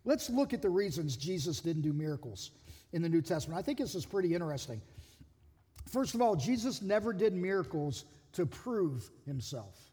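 A male pastor preaching a sermon in an animated way, acting out quoted voices and often repeating words as he goes. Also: sits high, normal speed, husky, in a large hall.

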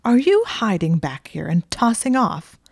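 A woman reading the part of an indignant, sharp-tongued young woman librarian, emphatic and exasperated. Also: medium pitch, very animated, measured pace, gravelly, husky, dry recording, studio quality, full character voice. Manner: exasperated, emphatic, rising to near shouts.

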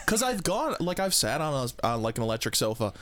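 Joking male podcast co-host with a lively voice. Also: mid-range voice, fairly quick, dry recording. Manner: jokey, often slips into silly put-on voices. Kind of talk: casual comedic chat.

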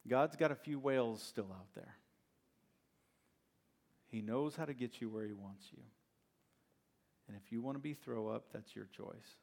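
Gravelly-voiced preacher telling stories. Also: male voice, medium pitch, unhurried, pauses often, darkish tone. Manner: conversational, storytelling, asks rhetorical questions. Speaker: pastor. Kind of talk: sermon.

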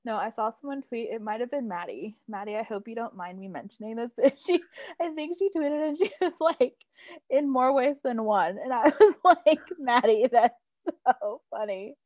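A woman co-hosting a podcast, chatting casually in an excitable, giggly way. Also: fairly high pitch, a little fast, no room sound. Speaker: podcast co-host. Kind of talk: casual chat.

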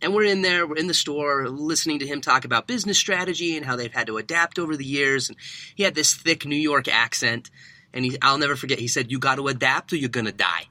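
Youngish guy in his 30s on a podcast, super bright forceful voice, dry close sound, tells stories all animated and does the voices. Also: on the high side, fast talker, dry recording. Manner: lively storyteller who acts out quoted dialogue. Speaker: podcast guest, workplace researcher. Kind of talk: animated storytelling interview.

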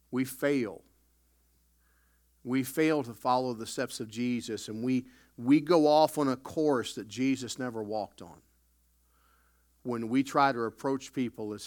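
A man pastor preaching a sermon, emphatic with sudden loud bursts and folksy storytelling asides. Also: mid-range voice, unhurried, pauses often.

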